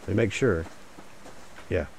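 A man's voice: sits low, measured pace, creaky, a little mellow, a little hiss or hum. A man giving casual, jokey commentary while playing a survival game, rambling and muttering asides to his viewers. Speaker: gaming channel host. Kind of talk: casual solo gameplay commentary.

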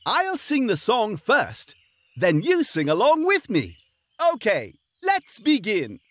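A man's voice: high voice, wildly swooping pitch, slow, heavily acted. A man playing a friendly frog who teaches preschoolers a song, cheerful and encouraging, with children's music behind.

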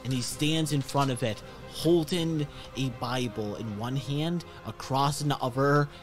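A man's voice: medium pitch, unhurried, music in the background. Laid-back guy gm'ing a tabletop game, mid voice. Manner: casual, laughs often, loose narration. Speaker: game master.

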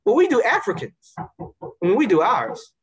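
A man's voice: sits high, wildly swooping pitch, normal speed, a crowd in the background. A man from Baton Rouge with a Louisiana accent, talking passionately in a casual conversation and repeating words as he builds his points. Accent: Southern US, Louisiana. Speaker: guest.

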